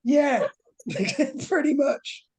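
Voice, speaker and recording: A woman plays in a tabletop game and describes characters in a chatty way. Her voice is high yet mellow and warm, and she talks at an unhurried pace. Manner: chatty, descriptive, laughs easily. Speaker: player. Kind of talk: tabletop role-play chat.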